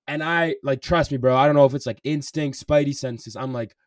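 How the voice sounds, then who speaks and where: Swearing heavily and leaning on "bro" and "like" nonstop, this young podcast co-host tells a story at a fairly quick clip. His pitch is medium, and the studio-quality audio has no echo, though the mic sits at a distance.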